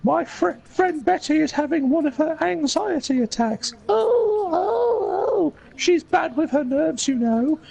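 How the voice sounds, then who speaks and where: A man's voice: extremely high pitch, animated, unhurried, vocal fry, few pauses, a little mellow, voice pushed up, exaggerated voice, poor audio. A man voicing a frantic woman bystander in a comedy skit, with a breathless, fussing manner. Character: panicking middle-aged woman bystander.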